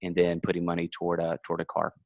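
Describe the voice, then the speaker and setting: Male podcast guest, low and dry-sounding, methodical and good-humored. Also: quick pace, dry recording. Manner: explanatory, steady, laughs easily. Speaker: guest, finance author. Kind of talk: conversational interview answers.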